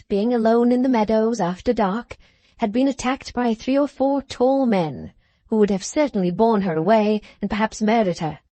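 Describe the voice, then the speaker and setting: A woman narrates a classic novel in a measured, steady audiobook reading, at a mid pitch. The recording is close and dry, with no room sound. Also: no room sound.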